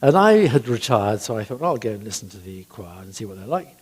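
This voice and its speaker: Older man, husky voice, composer giving a church talk, rambling anecdotes, lots of ums. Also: lowish voice, big pitch swings, brisk, a little mellow. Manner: chatty, hesitant with many ums, laughs at his own stories.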